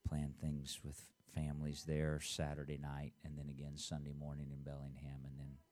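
A man, the pastor, giving church announcements and then preaching a sermon, leading call-and-response and reading scripture aloud slowly. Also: rumbling low, monotone, a little mellow. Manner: reads scripture aloud in a slow, drawn-out voice.

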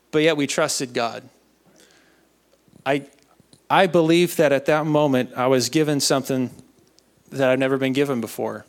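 A young man giving an earnest personal faith testimony, halting and often repeating his words. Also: mid-range voice. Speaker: speaker sharing a testimony.

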